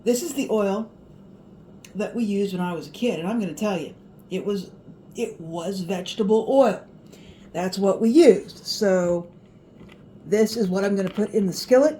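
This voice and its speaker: A woman's voice: mid-range voice, darkish tone. A middle-aged woman chatting in a folksy way as she cooks in her home kitchen, with reminiscing asides. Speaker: home cooking vlogger. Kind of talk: casual cooking vlog.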